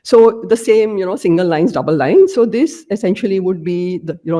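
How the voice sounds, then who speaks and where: A woman's voice: on the low side, expressive, moderate pace, hardly any pauses, dark tone. A woman lecturer giving an academic presentation, explaining her slides step by step.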